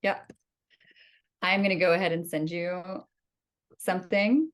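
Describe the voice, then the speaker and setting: Female podcast co-host, low-pitched, chatty and giggly. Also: measured pace. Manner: giggly, laughs often between remarks. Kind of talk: casual podcast chat.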